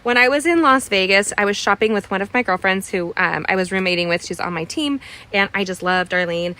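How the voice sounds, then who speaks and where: A woman's voice: mid-range voice, a little fast, pushed and bright, slight background noise. A woman teaching a live online card-making class, chatty and bubbly, wandering into stories and greeting viewers by name. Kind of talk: live online craft tutorial. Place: cluttered crafting desk.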